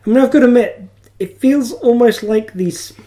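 A woman's voice: fairly high pitch, fairly quick, dark tone. A woman co-hosting a casual podcast chat from England, chatty and self-mocking, laughing often. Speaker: podcast co-host.

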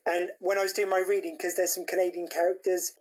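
A man's voice: high voice, level tone, fast talker, darkish tone, low-quality recording. Guy cracking jokes on a home video call, rambly, lots of ums. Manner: joking, rambling with fillers. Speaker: podcast co-host. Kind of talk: casual chat. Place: own home.

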